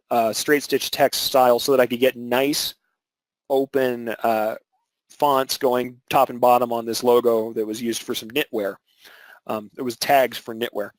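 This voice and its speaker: A man's voice: mid-range voice, no room sound, poor audio. A man teaching an embroidery webinar, explaining technique step by step with filler words and restarts. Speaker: embroidery instructor.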